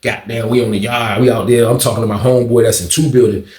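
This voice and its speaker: A man's voice: medium pitch, steady tone, quick pace, darkish tone. A man telling a story in a loose, slangy way, often adding "you know what I mean". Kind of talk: casual storytime narration. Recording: roomy echo.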